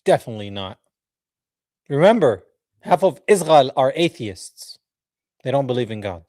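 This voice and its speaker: A man hosting a reaction video, commenting in an animated, mocking way, laughing and talking straight to his viewers. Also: medium pitch, normal speed, dry recording, clean studio sound. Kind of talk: reaction commentary over a played clip.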